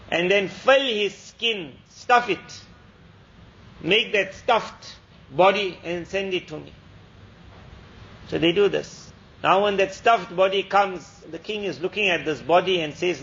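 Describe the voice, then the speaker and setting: High-voiced male preacher telling a story. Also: a bit bright. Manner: earnest, repetitive, preachy. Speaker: Islamic lecturer. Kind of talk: storytelling sermon. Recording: dull lo-fi lecture recording.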